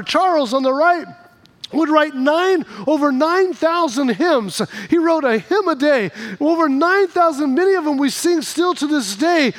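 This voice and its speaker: A man preaching a Sunday sermon in a strikingly high voice. He tells stories and hammers key points with repetition. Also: fairly bright tone. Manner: storytelling preacher, emphatic repetitions. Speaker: pastor.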